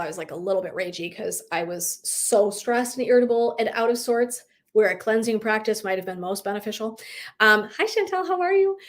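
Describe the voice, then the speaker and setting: Woman in her thirties, wellness coach, live-stream chat, animated, casual swearing, laughs. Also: mid-range voice.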